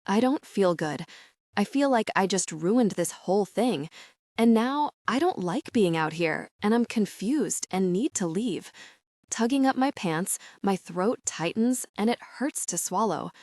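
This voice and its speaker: A woman narrating a first-person romance audiobook in an intimate, measured reading. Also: medium pitch, animated, a little mellow, dry recording, clean studio sound.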